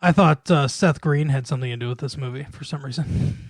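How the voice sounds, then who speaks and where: A man co-hosting a casual podcast, chatting about a movie with wry humor, often laughing and trailing off quietly. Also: mid-range voice, brisk, no echo. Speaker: podcast co-host. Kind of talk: casual chat reviewing a movie.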